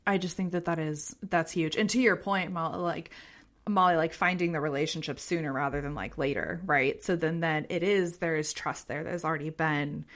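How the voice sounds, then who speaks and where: A woman's voice: deep voice, brisk, fairly bright tone. A woman hosting a podcast interview, chatty and effusive, with many fillers and frequent laughter. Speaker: podcast host. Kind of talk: casual interview conversation.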